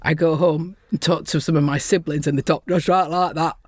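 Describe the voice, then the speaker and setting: A middle-aged woman with a softened Lancashire accent, talking bluntly and earthily as a guest in a casual interview. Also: low voice, fairly even intonation, fairly quick, no room sound, studio quality. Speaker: podcast guest, construction safety professional.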